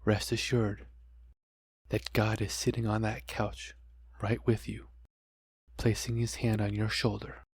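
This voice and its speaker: A man's voice: on the low side, flat delivery, a little slow, long pauses, breathy edge, dry recording, clean studio sound. A middle-aged man hosting a podcast, earnestly sharing a personal testimony and preaching to his listeners with repeated phrases. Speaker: podcast host.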